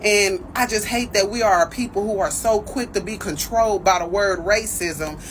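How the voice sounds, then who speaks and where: A woman with an ordinary, middle-pitched voice speaks earnestly in a social media opinion video. She talks steadily and from the heart. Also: normal speed, a little hiss or hum, rough recording.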